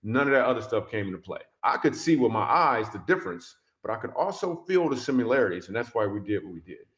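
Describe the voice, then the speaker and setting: A man, a comedian, tells a story in an animated way and voices the people in it as he goes. His pitch sits in an ordinary middle range. The recording has a noticeably roomy echo around him. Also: quick pace. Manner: animated storyteller who acts out quoted dialogue; speaks of faith and following God's voice. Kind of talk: personal storytelling in a conversation.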